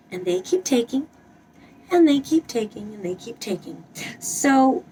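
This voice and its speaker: Woman, tarot reader, casual reading, blunt, swears a lot, repeats herself for emphasis, slightly high voice, distant mic. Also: a little mellow, slight background noise.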